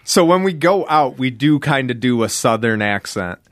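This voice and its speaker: A man's voice: mid-range voice, expressive, moderate pace, no room sound, studio quality. A man hosting a podcast, telling stories in a loose, profane, laughing way. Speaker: podcast host. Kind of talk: casual podcast chat.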